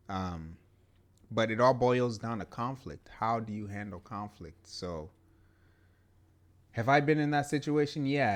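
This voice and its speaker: A man co-hosting a podcast in casual chat, talking in an animated, emphatic way and laughing often. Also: on the low side. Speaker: podcast co-host.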